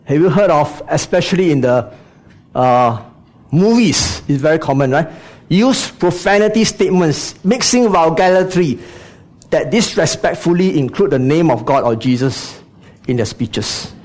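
A man's voice: a little high, expressive, a little slow, darkish tone. A man preaching a sermon, speaking to the congregation with frequent rhetorical questions and "you know" asides.

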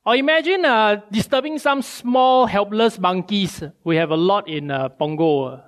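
A male preacher, giving a sermon with animated storytelling and many rhetorical questions. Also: high voice, measured pace.

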